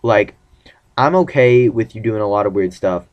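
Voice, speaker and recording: A man's voice: on the low side, normal speed. Chatty young man, lo-fi webcam sound. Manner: chatty, rambling, self-mocking. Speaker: vlogger. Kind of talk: casual storytelling vlog.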